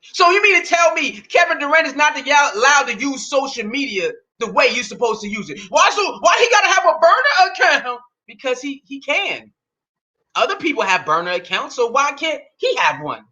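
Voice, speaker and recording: A man's voice: very high voice, bright, forceful tone, highs cut off. A man in his thirties hosting a heated solo sports rant, indignant and profane, firing off rhetorical questions. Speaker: sports talk host.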